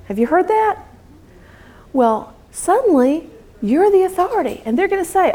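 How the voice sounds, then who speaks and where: Speaking at a normal pace in an extremely high pitch, a middle-aged woman from the US talks to a live crowd about homeschooling. Her storytelling is lively, and she performs the quoted lines as she goes.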